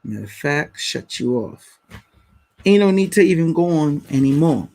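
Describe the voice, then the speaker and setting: A man's voice: on the high side, lively intonation, normal speed, warm tone. A man hosting a live stream, talking bluntly and casually to his viewers in slang. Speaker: livestream host.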